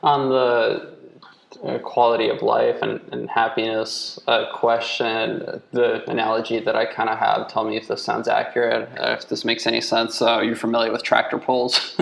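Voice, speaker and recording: A man hosting a podcast interview, asking halting questions with many fillers and short agreeing replies. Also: mid-range voice, completely flat delivery, vocal fry, fairly bright tone, low-quality recording. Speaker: podcast host. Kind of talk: casual interview chat.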